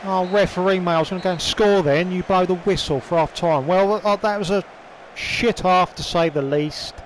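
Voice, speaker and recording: At normal speed and high in pitch, with slight background noise, the young man gives casual commentary on his football video game. He's frustrated, swearing and complaining about the play and yelling at the referee.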